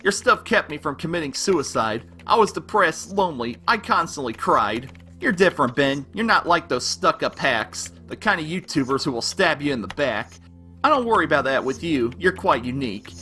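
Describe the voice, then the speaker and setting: A man's voice: fairly high pitch, bright, forceful tone. A man rapping in rhyme as an obsessive, unstable young male superfan, with a delivery that swings between gushing and menacing, over a backing beat. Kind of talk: rapped fan-letter verse over a beat.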